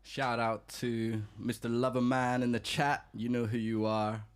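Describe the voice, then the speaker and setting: A man's voice: medium pitch, flat delivery, measured pace, clean tone. A man hosting a live-streamed music show, chatting playfully with viewers and laughing often. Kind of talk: lively chat with online viewers.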